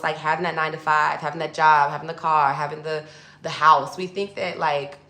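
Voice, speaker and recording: Woman spiritual coach, casual teaching to camera with a slightly low voice and a room echo. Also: a bit bright. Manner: loose and conversational, full of fillers, addresses viewers as y'all. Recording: echoey room.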